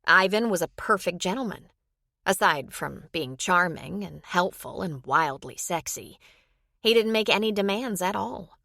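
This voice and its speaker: A woman's voice: fairly low pitch, animated, unhurried, vocal fry, pushed and bright, no room sound, studio quality, full character voice. A woman doing a rueful, embarrassed woman confessing.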